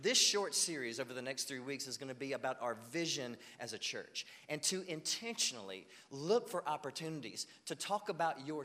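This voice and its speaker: Male pastor, slightly high voice, storytelling sermon, emphatic build-ups, long church-hall reverb. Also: bright, forceful tone. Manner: storytelling, rising to emphatic peaks, frequent "Amen?".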